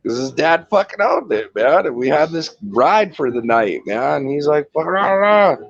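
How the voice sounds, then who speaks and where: A man's voice: on the high side, very animated, normal speed, gravelly, no echo, muffled recording. A man telling a long rambling story in casual chat, swearing and laughing often.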